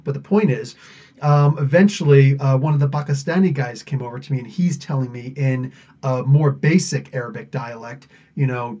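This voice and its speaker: A man's voice: mid-range voice, moderate pace, dark tone. A man from the United States hosting a podcast, chatting casually in a rambling way and laughing often. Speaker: podcast host. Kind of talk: casual live Q&A chat. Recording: dull lo-fi audio.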